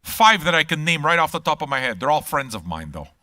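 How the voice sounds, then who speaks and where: An older man talks in a blunt, teasing, profane way as a channel host. His voice sits a bit high and sounds bright and forceful. The sound is dry and close. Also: sing-song, fast, no room sound. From Quebec. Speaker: music reaction channel host. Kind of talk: casual chat.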